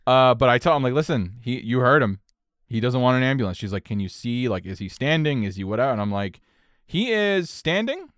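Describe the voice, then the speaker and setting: A young man tells a wild story on a podcast, casual and loose with his language. His voice is smooth and clear, and it sits in a dry, close-miked room. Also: mid-range voice, fast, no room sound. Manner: animated, profane storytelling with swings in energy. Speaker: podcast co-host.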